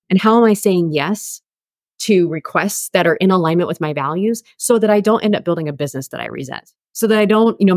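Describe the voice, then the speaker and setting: Female guest, 40s, career coach; candid and conversational, low register, dry sound. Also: dry recording. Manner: candid, chatty, many fillers. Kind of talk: conversational storytelling.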